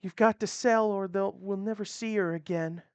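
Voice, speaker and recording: A woman's voice: mid-range voice, fairly even intonation, moderate pace, a little mellow, smooth, no echo, natural voice. A woman voicing a desperate frontier farmer's wife, pleading and anxious.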